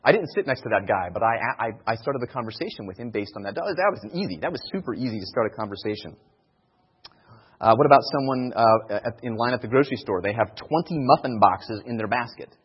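Animated and fast, a man with a breathy mid-range voice gives an informal talk teaching how to share faith. He earnestly repeats his central phrases. Dull sound, reverberant hall.

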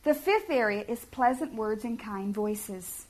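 Middle-aged lady preaching to parents, higher voice, earnest and homey, keeps asking the crowd stuff. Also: lively intonation, a little slow, darkish tone. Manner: earnest, homey, asks the audience questions. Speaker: speaker at a family ministry talk. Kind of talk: sermon-style talk to parents.

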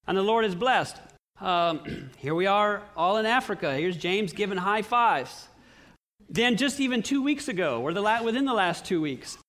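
A middle-aged pastor preaching a sermon in a church, telling stories in an earnest way with lively swings in his voice. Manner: earnest storytelling with animated swings in pitch.

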